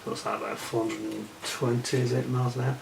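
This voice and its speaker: A man's voice: medium pitch, little pitch movement, a little fast, vocal fry. Chatty man in an echoey room. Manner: chatty, muttering asides to himself. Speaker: model kit reviewer. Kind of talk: casual unboxing commentary. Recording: echoey room with faint noise.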